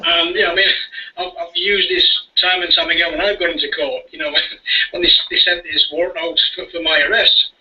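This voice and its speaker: A man's voice: on the high side, level tone, fairly quick. A man telling his story in casual chat, rambling, repeating words and chuckling now and then. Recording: dull distant radio audio.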